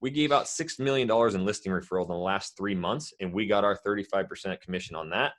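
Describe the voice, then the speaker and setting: A man, a real estate agent guest, telling lively stories in casual podcast chat and swearing freely. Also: deep voice, fast. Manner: animated, swearing, full of storytelling.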